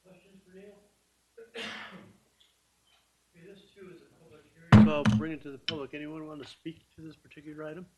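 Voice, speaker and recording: A man chairing a council meeting with a slightly high voice. He moves through the procedure briskly, and the recording carries clear background noise.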